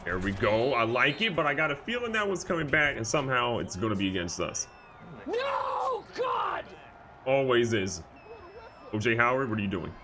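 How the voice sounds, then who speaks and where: A man giving excitable, jokey live commentary over a football video game, moving from calm play calling to loud outbursts. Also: medium pitch, brisk, noisy background. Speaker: gaming YouTuber.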